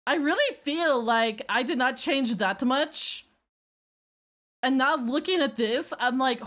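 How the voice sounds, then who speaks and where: A woman streaming casually, reacting to her old clips in an animated, self-mocking way. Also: high-pitched, slow pace. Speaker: VTuber streamer.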